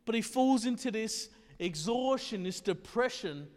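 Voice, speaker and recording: Male pastor, high voice, chatty laid-back preaching, long hall echo. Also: expressive, unhurried, hardly any pauses. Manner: casual, conversational, often checks in with "right?". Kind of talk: sermon.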